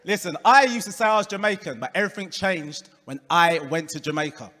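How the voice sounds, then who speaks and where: High, bright-voiced Essex comedian in a reverberant club. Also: male voice, a little fast. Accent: Essex English. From England. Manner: deadpan punchlines, crowd work, puts on voices for quoted people. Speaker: stand-up comedian. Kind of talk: stand-up comedy set. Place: comedy club stage before a live audience. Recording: live club room with long reverb.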